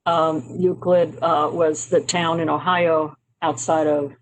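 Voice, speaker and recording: A presenter from Maryland speaks to a county committee while moving through slides. The talk is relaxed and conversational, with frequent um and uh fillers and restarted phrases. The voice sits at an ordinary middle pitch. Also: slow, a little hiss or hum, rough recording. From Maryland, United States. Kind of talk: informal slide presentation on urban history.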